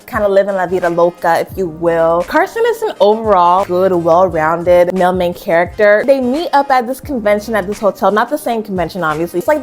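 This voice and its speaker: Bubbly, giggly young woman reviewing books. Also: mid-range voice. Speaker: book reviewer. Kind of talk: casual chat. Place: home room with a bookshelf.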